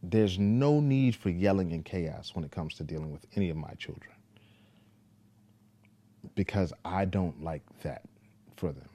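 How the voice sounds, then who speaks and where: A father talking casually to the camera, telling a parenting story in a laid-back, deliberate way. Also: sits low, warm tone.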